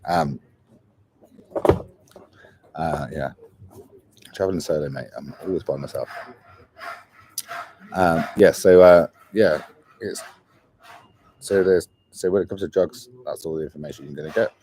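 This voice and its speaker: A man's voice: extremely low pitch, unhurried, long pauses, warm tone, a little hiss or hum. A man in his forties, a travel vlogger chatting casually on a livestream, rambling and calling his viewers mate. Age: 40s. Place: traveling in Argentina.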